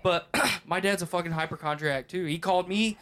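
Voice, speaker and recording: Male podcast co-host, higher-pitched, rambly and profane. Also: fairly quick, a bit bright. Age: adult, has a wife. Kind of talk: casual chat.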